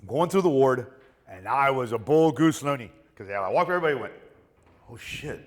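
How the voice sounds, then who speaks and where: A man's voice: mid-range voice, lively intonation, brisk. A middle-aged man telling rambling, profane stories at a convention panel, acting out the other people's lines. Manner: profane, rambling, acts out dialogue. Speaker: panel guest. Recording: echoey convention hall.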